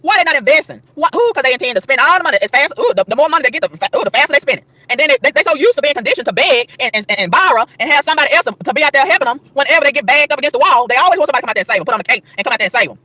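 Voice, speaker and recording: Outdoors in a park, a woman vlogger preaches a street rant to camera in a high, bright, expressive voice, her pitch jumping everywhere. She fires rhetorical questions rapidly with few pauses, repeating and tripping over words, on a close, dry recording.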